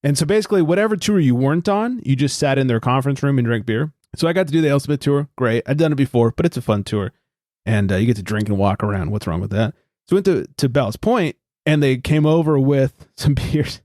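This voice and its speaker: A man's voice: mid-range voice, quick pace, darkish tone, no echo, clean studio sound. Chatty, profane man telling stories. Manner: chatty storyteller, profane, acts out quoted voices. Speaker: podcast host. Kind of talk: casual podcast chat.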